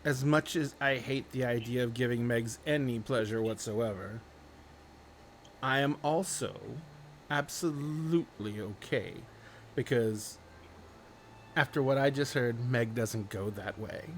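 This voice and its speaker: A man voicing a flustered but proud young woman noble, speaking in a soft, measured, slightly defensive way. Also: medium pitch, a little hiss or hum, natural voice. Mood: wry.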